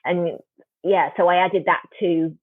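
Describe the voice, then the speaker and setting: A woman's voice: on the low side, steady tone, a little slow, no echo. A woman author speaking as an interview guest, thoughtful and wry, often restarting her sentences. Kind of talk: casual interview chat. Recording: tinny phone-like remote call line.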